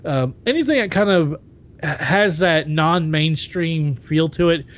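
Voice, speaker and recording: A man co-hosting a podcast with a mixed, partly Boston accent and a slightly raised pitch. He rambles and jokes, restarting his sentences. The recording sounds dull and lo-fi. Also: unhurried. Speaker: podcast co-host. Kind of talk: casual chat.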